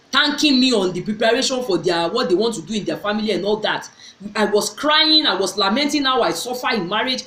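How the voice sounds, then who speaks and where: A woman's voice: fairly high pitch, fairly bright tone. A middle-aged woman tells a personal story to her viewers, earnestly, often repeating and restarting her phrases. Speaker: vlogger. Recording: echoey room.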